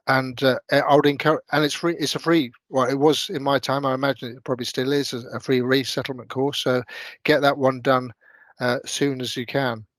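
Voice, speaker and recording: A man's voice: medium pitch, dry recording. Hesitant middle-aged man, dry sound. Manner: hesitant, many fillers and restarts. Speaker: ex-military panel guest. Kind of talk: casual career advice chat.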